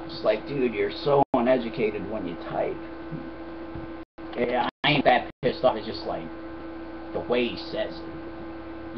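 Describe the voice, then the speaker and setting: A man's voice: medium pitch, expressive, normal speed. A young man in a casual vlog, answering viewer questions in a blunt, profane, rambling way. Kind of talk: casual rant to camera. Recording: dull lo-fi webcam audio with noise.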